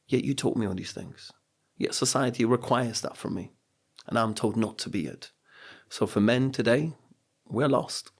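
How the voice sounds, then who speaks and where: A middle-aged coach and speaker with a husky, mid-range voice tells personal stories on a podcast at a moderate pace. His reflective storytelling is earnest and motivational, and he acts out the quotes he shares.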